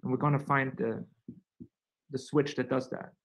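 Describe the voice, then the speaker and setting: A man speaking as a physician guest in a webinar, explaining in a halting way with many fillers and restarts. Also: medium pitch, fairly even intonation, low-quality recording.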